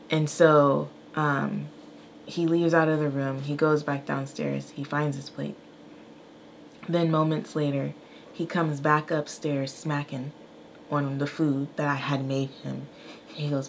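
A woman's voice: low-pitched, unhurried, a little hiss or hum. A mother co-hosting a podcast, telling an everyday story candidly and acting out quoted lines. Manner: animated, candid, acts out quotes. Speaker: podcast co-host. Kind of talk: casual storytelling.

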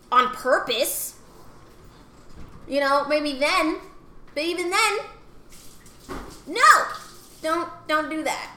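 A young woman telling stories in casual podcast chat, acting out other voices and dropping into whispered asides. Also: sits high. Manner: animated storytelling, acts out voices, drops to whispers. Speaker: podcast co-host. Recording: echoey room with faint ambient noise.

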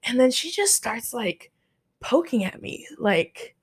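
With a fairly high, breathy-edged voice, a young woman takes her time telling a story in casual chat. She swears freely, stays animated, and mimics people's voices as she quotes them.

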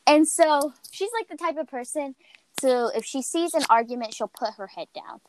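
A woman's voice: high voice, normal speed, a little hiss or hum, low-quality recording. A young woman hosting a podcast, telling a story in casual chat and acting out what people said. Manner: animated storytelling, acts out quotes. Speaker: podcast host.

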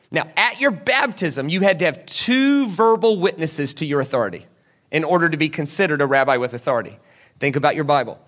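Bright, high-voiced man preaching. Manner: animated, coaxes the crowd to repeat words. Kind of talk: sermon teaching with audience participation.

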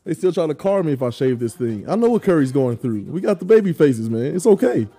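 A man's voice: a little high, sing-song, fast, warm tone, breathy edge, faint music behind. A male podcast host in a casual sports debate, teasing his co-host and reading viewer comments.

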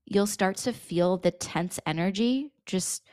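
A woman's voice: mid-range voice, takes it slowly, a little mellow, clean tone, dry recording, clean studio sound. A woman talking in a casual, earnest way about handling emotions, repeating phrases and swearing now and then. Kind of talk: casual spoken advice monologue.

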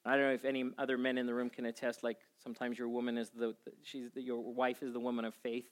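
A man in his forties preaching a sermon to a congregation, telling a personal story with animated swings in energy. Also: medium pitch, quick pace. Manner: animated storytelling, acting out his own panic. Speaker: pastor.

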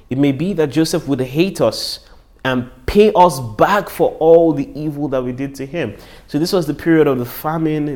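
A male pastor delivering a sermon at a medium pitch. He moves between quiet, hushed passages and loud, emphatic stretches. His preaching stays lively throughout.

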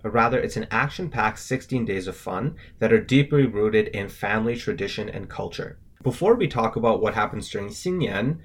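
Low-voiced man explaining step by step. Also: animated, normal speed, few pauses, husky. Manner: methodical, spells out syllables and tones. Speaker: co-host of a language lesson. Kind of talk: scripted explanatory lesson.

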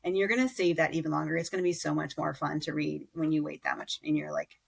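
A woman in her thirties with a low voice and a gravelly fry running through it. She talks candidly and thoughtfully about her own parenting, stopping to restart and fill pauses as she goes. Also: steady tone. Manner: candid and reflective, with frequent fillers and restarts. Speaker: podcast guest. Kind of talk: conversational interview.

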